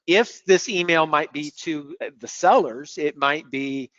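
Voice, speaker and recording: Man walking through software, dull webinar audio. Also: fairly high pitch, measured pace, dry recording. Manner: relaxed, explanatory, repeats words while clicking. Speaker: software demo presenter. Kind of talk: screen-share webinar walkthrough.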